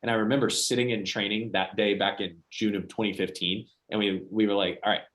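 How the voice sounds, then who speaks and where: Fast-talking young man, low voice. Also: steady tone, fairly bright tone. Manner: storytelling, acts out quoted voices. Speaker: sales trainer. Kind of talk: motivational training talk.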